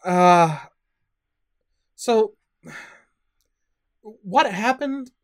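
A man's voice: high voice, animated, extremely slow. A man co-hosting a casual podcast chat, rambling, swearing freely and asking confused questions. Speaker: podcast co-host.

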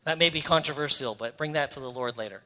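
A man's voice: medium pitch, fast talker, pushed and bright. A middle-aged Canadian man preaching a sermon, earnest and conversational with playful asides. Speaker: pastor. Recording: hall reverb.

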